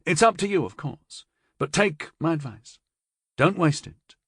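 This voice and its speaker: A man's voice: fairly high pitch, lively intonation, unhurried, a bit bright, slightly rough, no room sound, clean studio sound, pitched above the performer's own voice, exaggerated voice. A man reading an audiobook voices an ancient, weary old man giving grave advice. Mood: sad.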